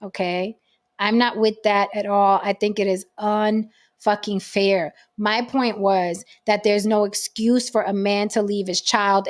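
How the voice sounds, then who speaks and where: A woman hosting a livestream talk show, speaking bluntly and emphatically with frequent profanity. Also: medium pitch. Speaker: host.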